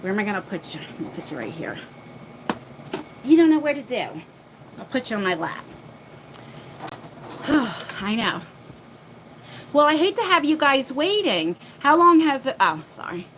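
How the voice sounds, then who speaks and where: A woman's voice: high-pitched, big pitch swings, background noise. A woman hosting a casual live chat from home, talking to her viewers and her dog while out of breath. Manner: chatty, talks to viewers and her dog while rushing around. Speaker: livestream host. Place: home, moving between floors.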